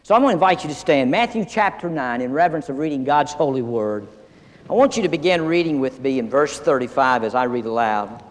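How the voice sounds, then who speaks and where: A man's voice: mid-range voice, expressive, brisk. A man preaching a sermon in a folksy, earnest way, telling stories and reading scripture aloud in a seminary chapel. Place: seminary chapel, large hall. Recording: long hall reverb.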